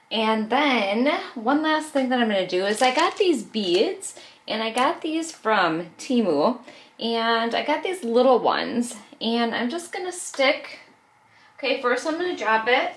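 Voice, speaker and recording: A woman hosting a casual craft video, narrating each step as she works, chatty with small laughs. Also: on the high side. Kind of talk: casual craft tutorial voice-over.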